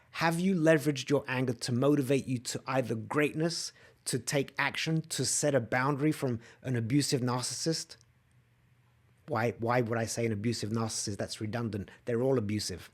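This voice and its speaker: A man hosting a solo coaching podcast, talking straight to listeners and acting out angry quoted outbursts with lively emphasis. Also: medium pitch. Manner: animated, acts out quoted outbursts, asks listeners to comment. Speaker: podcast host and empath coach. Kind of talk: solo motivational podcast talk.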